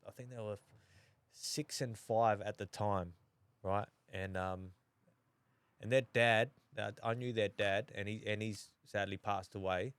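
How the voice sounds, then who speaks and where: Hesitant Australian man, smooth low voice. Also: fairly even intonation, a bit bright, dry recording. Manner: halting, many restarts and fillers. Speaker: podcast guest. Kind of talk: casual chat.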